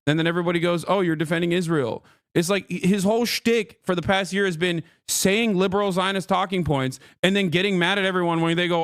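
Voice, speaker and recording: Streamer in his thirties, a man with a fairly high voice and a dry close mic, heated and profane rant. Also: steady tone, fast, few pauses, a bit bright, no room sound. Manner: profane, heated, repeats "okay?" often. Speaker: streamer reacting to a video. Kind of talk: angry live-stream rant.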